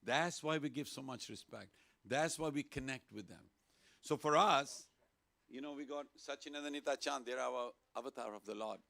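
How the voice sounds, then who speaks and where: Lively man with a gravelly voice. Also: medium pitch, moderate pace. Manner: lively, playful, leads call-and-response chanting. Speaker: temple speaker. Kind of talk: informal sermon to a congregation. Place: temple hall.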